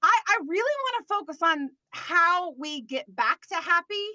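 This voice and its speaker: A woman's voice: very high voice, animated, normal speed, pushed and bright, no room sound, studio quality. A woman hosting a podcast, chatting with a guest in an upbeat, enthusiastic way and laughing often. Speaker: podcast host. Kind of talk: upbeat interview chat.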